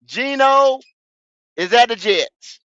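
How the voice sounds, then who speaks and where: A man, hosting a fan podcast, ranting in a profane, repetitive way with sudden shouts. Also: very high voice, animated, slow pace, no echo, muffled recording. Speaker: podcast host. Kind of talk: football fan podcast rant.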